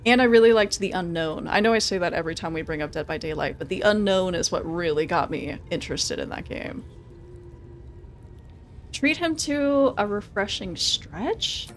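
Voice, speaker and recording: A woman's voice: on the low side, fast talker, hardly any pauses, slight background noise. A young woman live-streaming a video game, chatting casually, laughing often and reading game options aloud.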